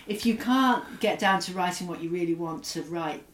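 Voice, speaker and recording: A woman's voice: on the low side, moderate pace, reverberant, recorded from a distance. A middle-aged woman author from Scotland with an English accent, speaking thoughtfully in an interview with frequent hesitations and fillers. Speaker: author, guest. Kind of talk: reflective interview conversation.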